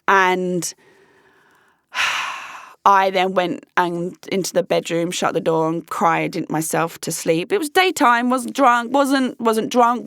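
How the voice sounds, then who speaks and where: A woman's voice: mid-range voice, fairly bright tone, no room sound, clean studio sound. A young woman vlogger telling a personal story in a frank, heated way, swearing freely.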